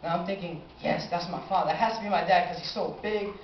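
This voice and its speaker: An eighteen-year-old man telling a personal story on stage, animated and acting out his own reactions. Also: high voice, fast, a little hiss or hum. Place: live stage in a small cafe venue. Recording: roomy, dull amateur live recording.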